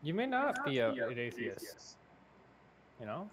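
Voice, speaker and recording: A man running a tabletop game as game master, hesitant, with many pauses. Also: medium pitch, huge pitch swings, a bit bright. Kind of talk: casual tabletop game chat.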